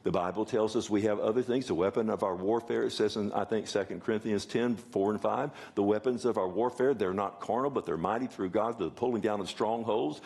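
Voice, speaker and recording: A man's voice: on the low side, a little fast, creaky, hardly any pauses, a little mellow. An older man preaching a sermon, folksy, with joking asides and many rhetorical questions. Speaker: pastor.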